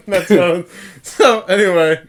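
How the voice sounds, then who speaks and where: Laughing podcast co-host, slightly high voice. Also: male voice, slow pace. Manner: laughs often, acts out movie lines. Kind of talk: casual movie review chat.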